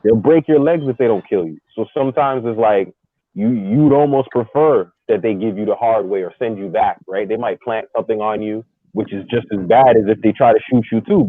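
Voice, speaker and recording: Brief: husky, low-voiced man, slangy, chimes in a lot, muffled audio. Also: dry recording. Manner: street slang, frequent interjections. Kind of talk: casual podcast chat. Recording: muffled lo-fi sound.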